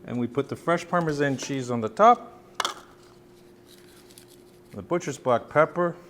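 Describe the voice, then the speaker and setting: A man cooking and demonstrating a recipe as a chef, chatting with jokes and lively asides. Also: a little high, a little slow. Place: kitchen, cooking at the stove. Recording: sizzle and kitchen noise. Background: sizzling pan.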